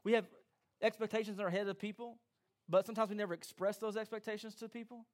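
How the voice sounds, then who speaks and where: A man preaching a sermon as pastor, animated and acting out quoted voices. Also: sits high, fast talker.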